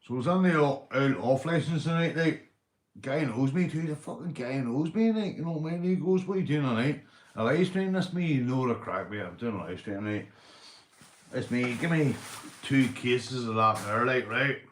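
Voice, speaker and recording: Speaking with a Northern Irish accent, a man runs a livestream chat that wanders all over, fueled by beer; he's rowdy, swears often and laughs a lot. His medium-pitched voice is animated and moves at a normal speed, and the room is echoey.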